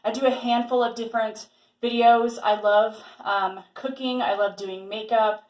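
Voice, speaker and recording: A woman's voice: a little high, fairly even intonation, normal speed, a little mellow. Young woman, casual home vlog, chatty, rambling, fillers, echoey room. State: slightly out of breath. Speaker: lifestyle vlogger.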